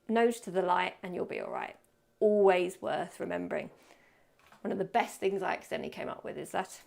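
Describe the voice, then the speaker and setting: In a photo studio, a woman tutoring a photography workshop chats casually about portrait posing and demonstrates each pose as she explains it. Her voice is medium-pitched, creaky and slightly mellow.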